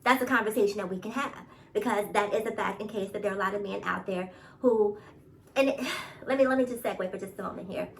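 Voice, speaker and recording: A woman's voice: mid-range voice, fast, vocal fry, far from the mic, a little hiss or hum, poor audio. A woman with a New York accent giving casual opinion commentary, emphatic, repeating her points and laughing often. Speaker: commentary vlogger.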